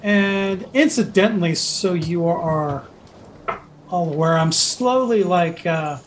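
Tabletop GM, casual narration, hesitant and filler-heavy, mid pitch. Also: slow, slight background noise, rough recording. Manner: rambling, hesitant with many fillers. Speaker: game master.

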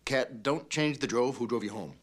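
A man's voice: medium pitch, moderate pace, lightly acted. An actor playing a strict, overprotective middle-aged father in a film, stern and lecturing with dry sarcasm. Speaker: film character.

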